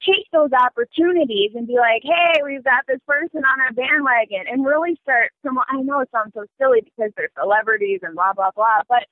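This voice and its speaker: A woman's voice: high voice, a little fast, few pauses, no room sound. A young woman, a guest on a political talk show, chatting casually with lots of ums and small laughs, heard over a phone line. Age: young adult. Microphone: phone call.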